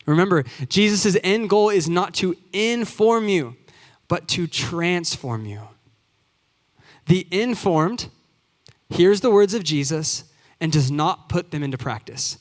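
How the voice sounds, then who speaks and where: A man in his twenties, a youth pastor preaching a sermon in earnest, building to emphatic repeated phrases. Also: fairly high pitch. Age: 20s. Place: church sanctuary. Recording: long hall reverb.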